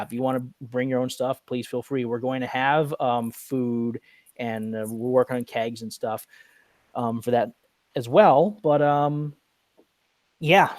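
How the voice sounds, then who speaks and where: A man's voice: medium pitch, no room sound. A man organizing supporters' events, chatting casually with many fillers as he lays out practical plans. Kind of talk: casual chat.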